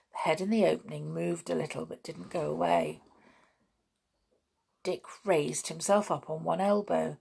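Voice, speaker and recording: A woman reading a children's storybook aloud as narrator, unhurried and gently expressive. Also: sits low, gravelly, husky. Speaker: audiobook reader.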